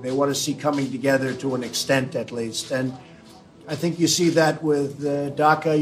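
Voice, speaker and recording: Man in public remarks, higher voice, a bit far off mic. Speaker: politician speaking.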